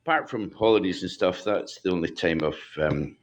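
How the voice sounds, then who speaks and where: A man's voice: low voice, expressive, normal speed. A Scottish man chatting on a video call as a guest, hesitant with many ums and restarts. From Scotland. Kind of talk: casual video call chat.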